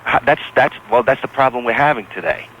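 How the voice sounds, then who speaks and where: A man's voice: medium pitch, lively intonation, brisk. A man calling into a radio show, challenging the host in a persistent, argumentative way. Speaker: caller. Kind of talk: call-in political argument. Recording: muffled AM radio broadcast with faint hiss.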